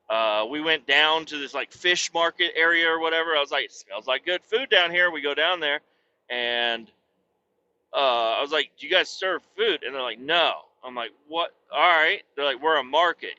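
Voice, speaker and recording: A man with a high, very sharp, piercing voice hosts a podcast and rants through a story, swearing nonstop and working himself up until he is yelling. The recording sounds dull and lo-fi. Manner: swears constantly, works himself up into shouting tirades. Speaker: podcast host. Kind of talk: casual profane storytelling rant.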